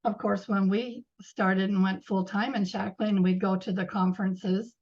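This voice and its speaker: An older woman recalls old times gently in a casual interview. Her voice sits at a middle pitch and comes through slightly muffled. She speaks in an unhurried, easygoing way. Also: little pitch movement. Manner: gentle, reminiscing. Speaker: guest.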